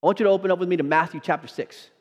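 A man with a fairly high voice preaches to his congregation from the pulpit. He speaks with emphasis and keeps checking in with his listeners through rhetorical questions. His voice rings out with a long reverb from the church sanctuary. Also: rapid-fire. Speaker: pastor. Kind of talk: sermon.

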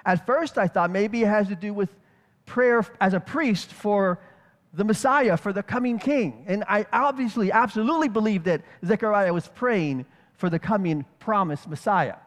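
A high-pitched male preacher giving a relaxed, conversational Bible teaching. He thinks out loud and often checks in with his listeners through rhetorical questions. His voice rings in a hall with long reverb. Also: normal speed. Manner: thinks aloud, with restarts and rhetorical "right?".

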